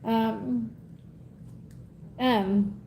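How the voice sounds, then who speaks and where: A woman's voice: on the high side, fairly even intonation, drawn-out words, vocal fry, slight background noise. Effusive woman doing a live reading. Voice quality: gets teary and soft when moved. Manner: chatty, effusive, laughs often. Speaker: tarot reader.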